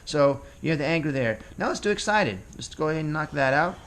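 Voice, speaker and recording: A man's voice: fairly high pitch, fairly quick, slight background noise. A man teaching children to draw cartoon faces, talking casually and ad-libbing as he sketches along. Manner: relaxed, ad-libbing as he draws. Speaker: drawing teacher. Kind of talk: casual drawing tutorial.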